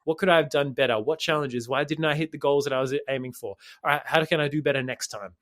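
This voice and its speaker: A man co-hosting a podcast as a fitness coach, rambling quickly and swearing casually. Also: fairly high pitch, steady tone, fairly bright tone, no room sound, clean studio sound. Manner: fast, rambling, swears casually, says mate.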